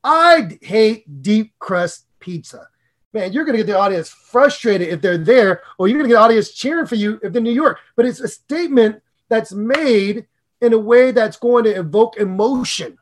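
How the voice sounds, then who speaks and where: A middle-aged man co-hosting a podcast on public speaking, talking in an excitable, animated way with big jumps in pitch and loudness. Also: brisk. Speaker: podcast co-host and speaking coach.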